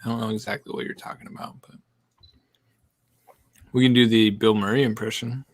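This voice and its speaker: A man hosting a casual live-stream podcast, rambling and animated, with lots of fillers. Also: on the low side, a little fast, no room sound. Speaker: podcast host.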